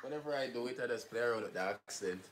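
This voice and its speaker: A man with a Jamaican accent chatting casually as co-host of a live stream, relaxed and full of fillers. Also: mid-range voice, fast, very noisy. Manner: relaxed, fillers like "you know". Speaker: co-host, partner.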